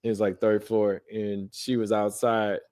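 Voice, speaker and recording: A man's voice: fairly low pitch, level tone, darkish tone. A man co-hosting a casual podcast, telling stories with lots of laughter and restarts. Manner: laughing, halting storyteller with many restarts. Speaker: podcast co-host.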